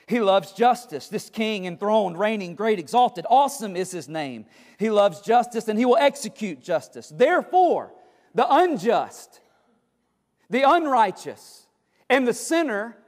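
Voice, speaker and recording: High-voiced preacher with hall echo. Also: male voice, lively intonation, measured pace. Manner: emphatic, repeats words for stress. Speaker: pastor. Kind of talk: sermon.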